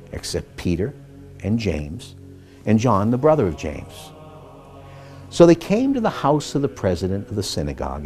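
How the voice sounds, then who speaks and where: A man reading scripture aloud, expressive, rising and falling as he voices the quoted speakers. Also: on the low side. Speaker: scripture reader.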